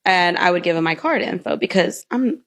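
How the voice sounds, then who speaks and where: A woman telling a story in a casual chat, rambling and halting. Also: lowish voice, lively intonation, gravelly, a bit bright.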